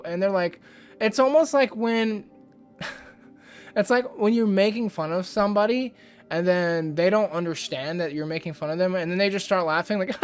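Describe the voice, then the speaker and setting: A man's voice: high voice, expressive, a little fast, clear, resonant tone, soft background music. A man hosting a casual ranting commentary vlog, rambling and exasperated, with lots of fillers. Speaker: YouTube host.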